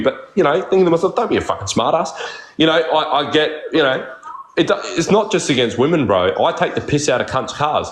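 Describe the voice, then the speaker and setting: A man's voice: fairly high pitch, roomy sound, rough recording. A man with an Australian accent ranting on a live stream, crude and defensive, swearing constantly. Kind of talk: heated live-stream rant.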